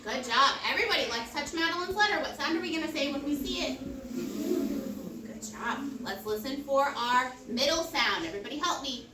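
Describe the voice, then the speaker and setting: A woman teacher with a high, bouncy, animated voice runs a phonics lesson, drawing out sounds in a sing-song way and praising often. She is recorded from across an echoey classroom, with clear background noise. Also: fairly quick. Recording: echoey classroom, mic far off, noisy.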